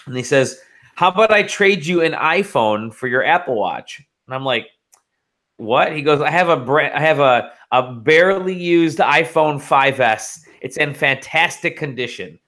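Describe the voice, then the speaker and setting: A man's voice: on the high side, expressive, moderate pace, sharp tone. A man co-hosting a casual podcast, rambling through stories with swearing and laughter. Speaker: podcast co-host.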